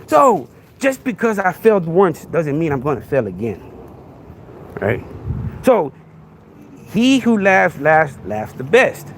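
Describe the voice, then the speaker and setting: A man's voice: sits high, slight background noise. A man, hosting a podcast livestream with a crude, confrontational rant that keeps asking "right?". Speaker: podcast host.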